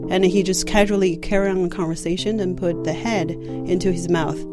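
Woman, halting. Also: lowish voice, steady tone, loud music behind the voice. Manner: halting, with hesitations and nonstandard grammar. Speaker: interviewee. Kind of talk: personal storytelling.

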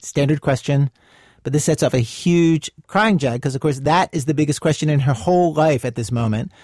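A man hosting a radio show, narrating a guest's story in a measured, wry way and asking her questions. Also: a little high, a little mellow, no room sound, studio quality. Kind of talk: scripted radio narration and interviewing.

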